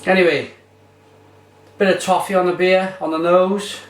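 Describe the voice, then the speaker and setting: A man's voice: high-pitched, steady tone, moderate pace. A man giving a casual, enthusiastic beer tasting review. He rambles with fillers as he talks. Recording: roomy echo, mic far off.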